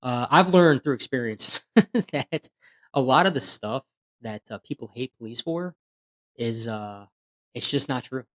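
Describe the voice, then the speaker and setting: A man's voice: medium pitch, unhurried. A straight-talking man recounting a patrol story on a podcast. He talks bluntly and casually. He slips into other people's voices as he retells what they said. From USA. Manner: blunt, animated retelling with acted-out quotes. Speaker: police officer guest.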